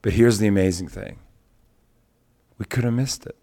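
A man's voice: on the low side, moderate pace. A middle-aged man, a traveling worship leader and evangelist, telling stories on a faith talk show and acting out the people he quotes. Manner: animated storyteller, acts out quotes.

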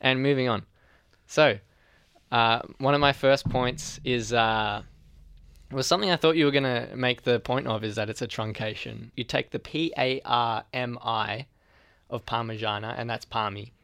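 A man's voice: mid-range voice, moderate pace, a bit bright, clean tone, no room sound. A man with an Australian accent, co-hosting a casual chat and arguing a point in a playful, mock-indignant way.

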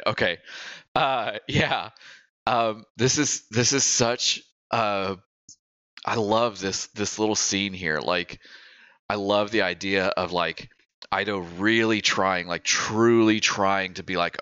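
A tearful male podcast co-host rambles effusively, restarting his sentences. His voice is low in pitch yet bright and forceful. The recording sounds dry and a little dull. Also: fairly even intonation, slow pace, clean tone, no echo. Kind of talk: casual chat.

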